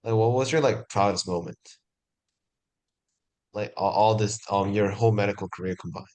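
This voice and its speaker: A man, a student, asking a question in a halting, hesitant way, full of "like" and "um". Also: fairly low pitch, darkish tone.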